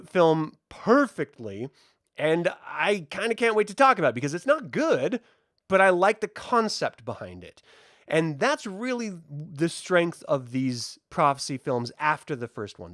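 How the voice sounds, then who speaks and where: Animated joking man reviewing films. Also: a little high, no room sound, studio quality. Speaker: host. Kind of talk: casual spoiler film review.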